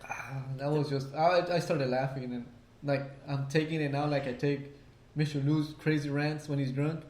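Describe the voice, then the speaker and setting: A man with a somewhat high voice tells stories on a casual podcast, cursing constantly and playing every part himself. His sound rings around an echoey room. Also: moderate pace. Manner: profane, animated storyteller acting out quotes. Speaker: podcast co-host. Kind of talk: casual drunk podcast chat.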